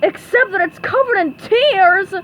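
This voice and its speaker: A woman's voice: very high voice, unhurried, fairly bright tone, a little hiss or hum, voice pushed up. A woman reading a storybook aloud, voicing a sarcastic, complaining female customer.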